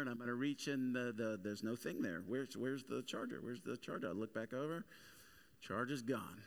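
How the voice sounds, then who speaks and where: Mixing funny everyday anecdotes with emphatic preaching, a man in his thirties delivers a sermon as a pastor. His mid-range voice sounds clear, resonant and fairly bright as his humorous storytelling builds to emphatic preaching.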